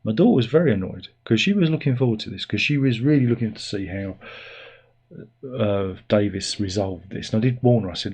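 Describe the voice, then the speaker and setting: A middle-aged man rambles through a casual review, sarcastic and exasperated. His voice sits low and has a husky edge. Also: brisk, a little mellow.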